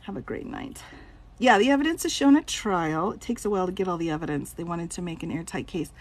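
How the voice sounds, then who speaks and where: A woman's voice: fairly low pitch, animated, fast talker. A woman attorney on a casual live stream, reading out viewer questions and answering them with lots of laughter. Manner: giggly, reads out chat questions and answers them.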